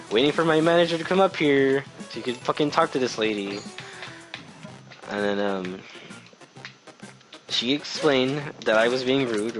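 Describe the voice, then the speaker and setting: A man's voice: medium pitch, a bit bright, poor audio. Exasperated young man ranting, swearing. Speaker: retail worker. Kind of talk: casual storytime rant.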